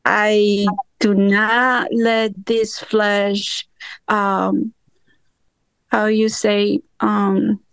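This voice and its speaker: A woman's voice: mid-range voice, level tone, extremely slow, gravelly, clean tone, no echo. A woman in a study group sharing a personal testimony over a remote call, talking earnestly with small grammar slips. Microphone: remote call audio.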